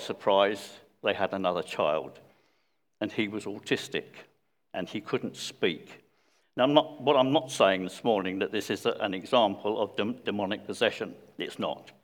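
A low-pitched man preaches a sermon in a conversational, unpolished way, pausing and restarting as he goes. His voice rings out with a long reverb through a church hall. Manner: conversational, with hesitant fillers and restarts.

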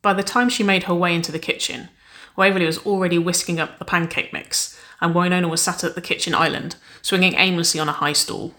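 Bright-voiced woman reading a story. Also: fairly low pitch, fairly even intonation, quick pace. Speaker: narrator. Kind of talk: audiobook reading of fan fiction.

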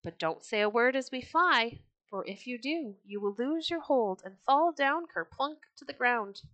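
Woman doing bright, coaxing wild geese. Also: on the high side, lively intonation, measured pace, dry recording. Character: pair of friendly wild geese.

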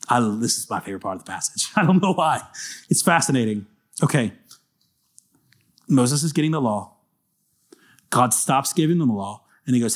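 A man preaching a sermon as pastor, chatting casually, then reading scripture slowly and building to shouted intensity. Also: medium pitch, expressive. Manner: reads scripture slowly and dramatically.

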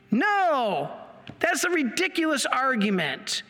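Lecturer, man, passionate and fired up, bright high voice, long hall echo. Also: very animated, unhurried, soft background music. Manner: passionate, gets worked up. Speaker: Catholic apologetics speaker. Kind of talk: apologetics lecture with slides.

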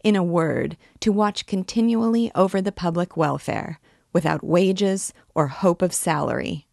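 A woman's voice: on the low side, measured pace, gravelly, darkish tone, no echo, clean studio sound. A woman voicing a pompous, long-winded male magistrate's deputy who grandly lists his own titles. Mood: indignant.

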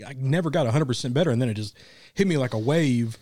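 A man's voice: mid-range voice, fast, darkish tone, dry recording, studio quality. Man with a practiced broadcast voice. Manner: chatty, rambling, laughs easily. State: still getting over an illness. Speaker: podcast host. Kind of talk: casual podcast chat. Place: members lounge of a cigar shop.

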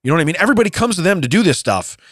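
A podcast co-host ranting in casual chat, acting out quotes from other people. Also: male voice, sits high, racing, no echo, studio quality. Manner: animated ranting, acts out quotes. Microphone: studio mic.

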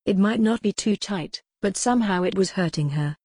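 A woman reading a gothic novel aloud as the audiobook narrator, in a measured, dramatic storytelling manner. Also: medium pitch, warm tone, breathy edge, no room sound, studio quality. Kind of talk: scripted narration.

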